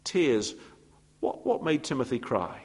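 A man's voice: mid-range voice, sing-song, measured pace, husky. Man preaching in a reverberant hall. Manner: warm storytelling with playful asides and voiced quotes. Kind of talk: expository sermon. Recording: long reverb of a church hall.

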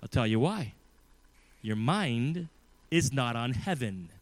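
A man in his thirties preaching a sermon, earnest and building from quiet passages to loud emphasis. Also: mid-range voice, lively intonation, slow pace, dry recording, low-quality recording. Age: 30s.

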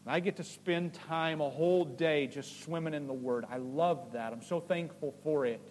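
A man preaching a sermon as pastor, animated and jokey, with voiced asides. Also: a little high, moderate pace, big-room sound, slight background noise.

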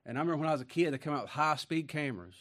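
A man preaching a sermon in a folksy, conversational way. He swings from quiet asides to booming emphasis, reads scripture slowly and weightily, and chuckles between points. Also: lively intonation.

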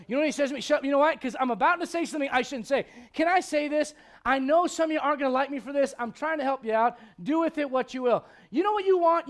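A male pastor preaching a blunt, confrontational sermon, swinging from loud outbursts to hushed intensity. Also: very high voice.

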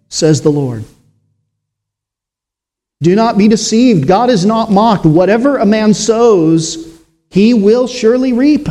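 A man preaching a sermon in a slow, solemn way, with dramatic pauses and rising emphasis. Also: high voice, animated, mellow.

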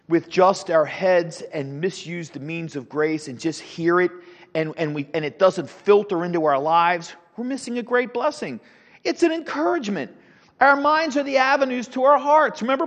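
A middle-aged man teaching a Sunday school class, animated, with rhetorical questions and frequent restarts. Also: high voice, normal speed. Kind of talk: Bible teaching. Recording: dull lo-fi sound with long hall reverb.

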